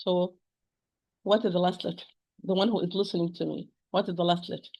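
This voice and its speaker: A woman teaching a recitation lesson, speaking haltingly, often repeating words and modelling pronunciations aloud to make her points. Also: fairly low pitch, steady tone, vocal fry, a little mellow. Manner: stresses rules with emphatic repetition.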